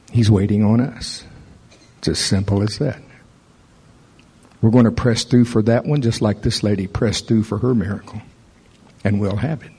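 Husky-voiced man preaching a sermon. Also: mid-range voice. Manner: conversational preaching, rising animated toward the end. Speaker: pastor.

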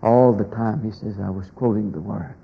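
A male preacher tells a folksy story with a gravelly, husky voice. He swings from shouting to near whispers as he works the story. The recording sounds dull and lo-fi. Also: on the low side, fairly even intonation, normal speed. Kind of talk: sermon storytelling.

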